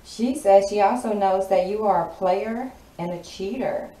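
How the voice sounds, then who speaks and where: A woman's voice: mid-range voice, a little slow, hardly any pauses, mellow. A woman giving a casual tarot reading, sassy and playful as she talks straight to her viewers. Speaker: tarot card reader. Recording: roomy echo, distant mic, audible noise.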